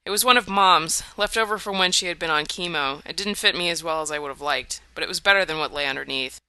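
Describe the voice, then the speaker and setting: An audiobook narrator telling a first-person story in a wry, measured way on a close mic. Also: medium pitch, pushed and bright, clean tone, no echo.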